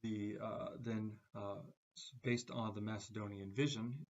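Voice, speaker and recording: A man giving a recorded class lecture, speaking haltingly with many "uh" fillers between phrases. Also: lowish voice, steady tone, highs cut off.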